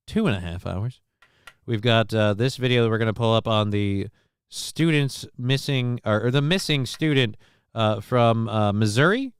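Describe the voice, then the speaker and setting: A man's voice: mid-range voice, fairly bright tone, clean tone, dry recording, clean studio sound. Profane, rambling male stream host. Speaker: livestream show host. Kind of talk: casual livestream chat, reading viewer comments.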